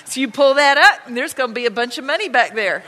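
A woman pastor telling personal stories in a conversational, excited sermon to her congregation. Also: high-pitched, quick pace, slight background noise. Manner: conversational, anecdotal, excited retelling. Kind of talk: storytelling sermon. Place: church sanctuary. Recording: long church-hall reverb.

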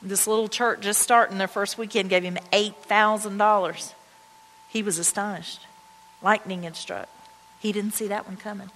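A woman pastor telling personal stories in a conversational, excited sermon to her congregation. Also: mid-range voice, normal speed, a little hiss or hum. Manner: conversational, anecdotal, excited retelling. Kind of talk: storytelling sermon. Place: church sanctuary. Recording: long church-hall reverb.

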